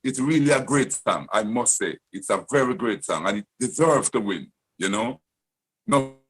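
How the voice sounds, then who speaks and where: A man's voice: mid-range voice, animated, normal speed, fairly bright tone, a little hiss or hum, poor audio. A man, a guest musician, answering interview questions in an earnest, courteous way. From Jamaica. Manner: earnest, courteous, full of thanks and praise.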